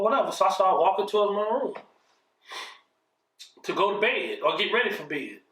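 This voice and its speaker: A man's voice: sits high, lively intonation, fairly quick, pauses often, a bit bright, far from the mic. A man casually telling a story from his childhood, profane and rambling, often checking in with "you know what I mean". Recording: roomy echo, mic set back.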